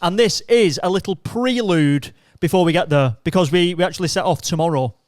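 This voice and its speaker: A man co-hosting a podcast, talking eagerly and enthusiastically and thinking out loud. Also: high-pitched, a little fast, no room sound, clean studio sound. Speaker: podcast co-host. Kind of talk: casual podcast chat.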